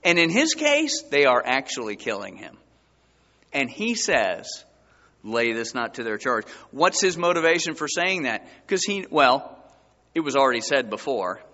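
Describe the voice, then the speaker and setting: Male pastor, sermon, bright ringing voice, lively rises and falls, long hall reverb, slightly dull sound. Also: moderate pace. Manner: animated preaching, voice surging high and loud for emphasis.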